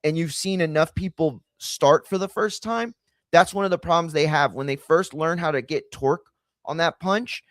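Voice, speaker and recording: A man's voice: a little high, moderate pace, fairly bright tone, no room sound, clean studio sound. A man casually commentating a boxing watch party on a live stream, loose and slangy, talking straight to his chat. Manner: loose, slangy, chatty, addresses chat directly.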